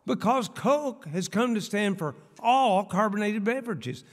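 A man's voice: high voice, expressive, measured pace. An older man preaching a sermon in a church, folksy, with rhetorical questions and humorous asides. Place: church sanctuary. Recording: long church reverb.

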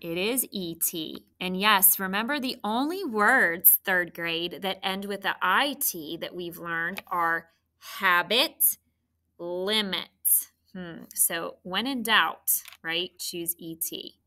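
A woman teacher giving a recorded spelling lesson to children, patient and clear, prompting with questions. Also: on the low side, takes it slowly, sharp tone.

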